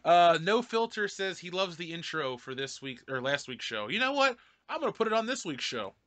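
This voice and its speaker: Male podcast host, animated and sharp-toned, profane banter while reading comments. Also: high-pitched, fairly quick. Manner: loud, laughing, profane banter.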